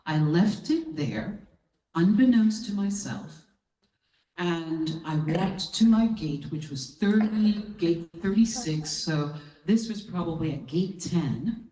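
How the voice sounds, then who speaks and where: A woman giving a sermon as a guest speaker, telling a personal story with lively energy and acting out the voices of the people in it. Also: on the low side, slow pace. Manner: animated, acts out quotes in voices. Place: church hall. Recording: roomy hall, distant mic.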